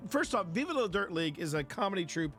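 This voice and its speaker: A man hosts a live stream in a loose, rambling way, often restarting his sentences and swearing casually. His voice sits fairly high, and faint music plays underneath. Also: very animated, quick pace, fairly bright tone. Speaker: streamer host.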